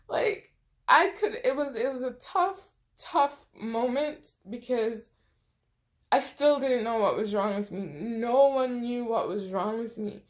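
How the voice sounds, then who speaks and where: A woman's voice: a little high, measured pace. Tearful young woman telling a storytime. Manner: emotional, tearful retelling with quoted dialogue. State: close to tears. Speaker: vlogger. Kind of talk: storytime vlog.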